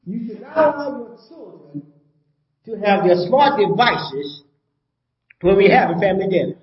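High-voiced older preacher in a roomy hall. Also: male voice, expressive, moderate pace, dull audio. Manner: emphatic, repeats points, asks the congregation rhetorical questions. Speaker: pastor. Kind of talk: sermon.

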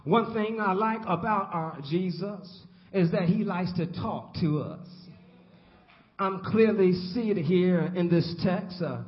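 Male preacher with a high voice, repeats lines for emphasis, calls on the congregation, muffled lo-fi recording. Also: slow. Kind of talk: sermon. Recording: dull lo-fi recording.

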